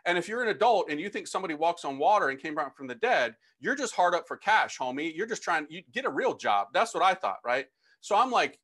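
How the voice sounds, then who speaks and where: A middle-aged priest tells the story of his conversion as a lively, slangy testimony, acting out the dialogue as he goes. His voice is a little high and his delivery brisk.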